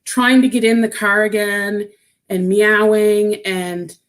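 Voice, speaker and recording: A woman's voice: medium pitch, flat delivery, slow pace. A woman chatting casually on a livestream, reading out and answering viewer comments, getting emotional and close to tears. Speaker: vlogger.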